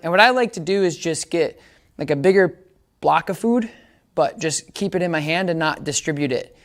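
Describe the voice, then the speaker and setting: A man's voice: on the high side, expressive, normal speed, a bit bright. Chatty man explaining dog training. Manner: chatty, explains step by step, often checks understanding. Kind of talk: casual outdoor training demonstration.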